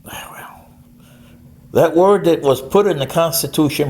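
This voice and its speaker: A man's voice: a little high, slow. An older man giving a rambling, scolding lecture-style monologue straight to the camera. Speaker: vlogger.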